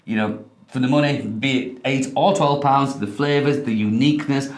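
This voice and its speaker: A man talks wine in a loose, hesitant way, circling back and restarting his sentences and laughing easily. His voice sits at a middling pitch. It rings around an echoey room. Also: moderate pace. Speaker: wine review co-host. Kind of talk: casual wine-tasting chat.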